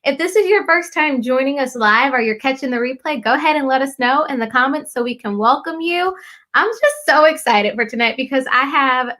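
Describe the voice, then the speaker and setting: A bubbly woman hosts a casual live stream. Her voice is fairly high and very bright. She chats warmly and easily with her viewers. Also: fairly quick. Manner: bubbly, keeps saying "y'all". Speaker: host.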